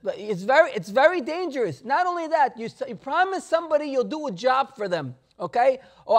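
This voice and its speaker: High-voiced rabbi giving a Torah class. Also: male voice, sing-song, fairly quick, hardly any pauses. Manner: explains Hebrew terms in English, emphatic warnings.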